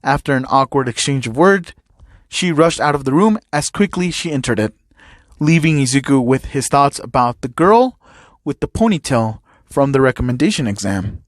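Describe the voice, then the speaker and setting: A man's voice: mid-range voice, animated, moderate pace, dry recording, clean studio sound. A man reading a fan story aloud in a casual, plain manner with occasional fillers. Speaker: fan fiction narrator.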